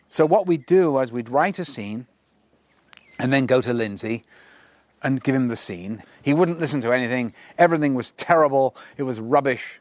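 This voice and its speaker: A man's voice: mid-range voice, dry recording. An older man, telling an anecdote in an interview and acting out the voices he quotes. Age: 60s. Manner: animated raconteur who acts out quoted voices.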